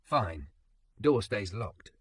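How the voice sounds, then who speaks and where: A gruff, grumbling, middle-aged diner manager with curt replies, played by a man. His voice sits low and is recorded dry and close. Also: sing-song, extremely slow, no echo, distant mic, full character voice.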